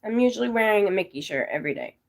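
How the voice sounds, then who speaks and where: A woman's voice: medium pitch, animated, very fast, vocal fry, noisy background. A giggly, silly woman chatting casually with her viewers, rambling and laughing often. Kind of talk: casual live chat.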